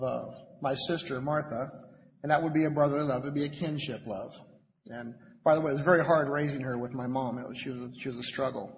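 A man giving an informal sermon as a lay preacher at a Bible study meeting, conversational and halting, often repeating words as he searches for them. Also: a little high. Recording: lo-fi with long hall reverb, faint noise.

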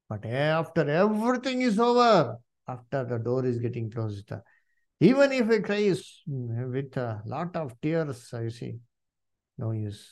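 A man preaching a sermon, swinging from hushed pleading to loud emphatic exhortation and asking the congregation questions. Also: mid-range voice. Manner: asks the congregation questions and calls on members to read.

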